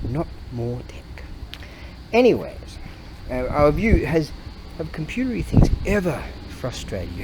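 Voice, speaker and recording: A man hosting a podcast, rambling and grumbling with lots of swearing and laughter while he walks along a street. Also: medium pitch. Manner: profane, grumbling, laughs often. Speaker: podcast host. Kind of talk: rambling casual monologue. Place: outdoors on a street, walking. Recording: traffic noise in the background. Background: passing vehicles.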